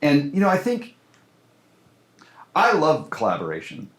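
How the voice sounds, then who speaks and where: A man's voice: fairly high pitch, a little slow. A man, a film director, talking casually in an interview, full of fillers and restarts. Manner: animated, many fillers and restarts. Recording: roomy echo.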